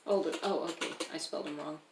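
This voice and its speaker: A woman player in a tabletop game, speaking casually and hesitantly with frequent pauses. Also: deep voice, steady tone, creaky. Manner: hesitant, filler-heavy. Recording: roomy room, faint noise.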